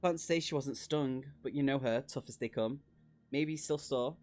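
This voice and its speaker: An easygoing old comrade from the road, a male adventurer voiced in a plain, middling pitch by a man reading aloud. The delivery is casual and relaxed, with small stumbles. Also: normal speed, close to an everyday voice.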